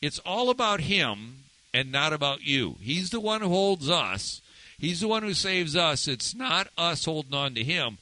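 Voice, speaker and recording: A man's voice: very animated, a little slow, sharp tone, low-quality recording. A man preaching a sermon in a conversational way, often asking his listeners questions. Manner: conversational, asks listeners questions, swings pitch for emphasis. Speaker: pastor.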